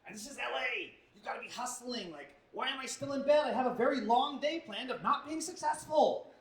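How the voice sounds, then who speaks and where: A young male stand-up comedian does a self-deprecating set into a handheld mic, his very high voice expressive and brisk. His punchy delivery is full of put-on voices, captured from a distance in an echoey club.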